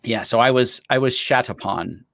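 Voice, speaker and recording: A man's voice: medium pitch, normal speed, creaky, a bit bright, no echo, clean studio sound. A man hosting a podcast, chatting casually and telling anecdotes in an easygoing, laughing way. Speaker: podcast host. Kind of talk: casual interview chat.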